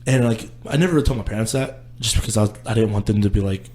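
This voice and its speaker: A man's voice: fairly low pitch, rapid-fire, darkish tone. A young man, a guest on a casual podcast, telling his life story in a candid, rambling way. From Houston, Texas. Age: young adult.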